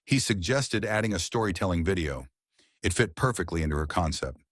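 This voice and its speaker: A man narrating a romance story in calm, measured, scripted audiobook style. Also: deep voice, no echo, studio quality.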